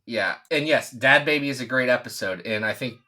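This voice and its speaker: A man's voice: mid-range voice, fairly quick, pushed and bright. A man in his thirties co-hosting a podcast in casual chat, jokey and rambling with asides. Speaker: podcast co-host.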